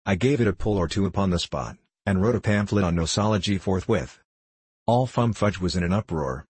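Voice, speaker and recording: A man reading a classic story aloud as scripted narration, in a measured, wry manner. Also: deep voice, darkish tone, slightly rough, dry recording. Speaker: audiobook reader.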